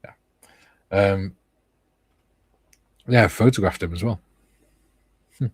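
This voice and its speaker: A man's voice: low-pitched, takes it slowly, husky, dry recording. A man hosting a live chat stream, easygoing and casually reading out viewers' comments. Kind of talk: casual chat while painting models.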